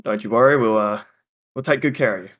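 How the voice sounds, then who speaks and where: A man voicing a small, middle-aged male halfling innkeeper who talks in a brisk, businesslike way. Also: mid-range voice, dull audio, natural voice. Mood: reassuring.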